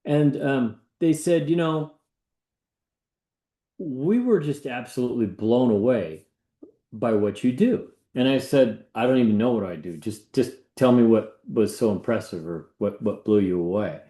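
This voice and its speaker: Guy realtor telling stories, animated, does everyone's lines, mid pitch, echoey room. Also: unhurried. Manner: animated, acts out the people he quotes. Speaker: real estate agent. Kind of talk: casual storytelling talk.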